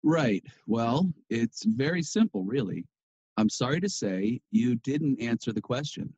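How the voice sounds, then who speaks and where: A man's voice: mid-range voice, animated, a little slow, a little mellow, breathy edge, dull audio. An actor playing a polite but firm male teacher in a textbook listening dialogue. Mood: calm.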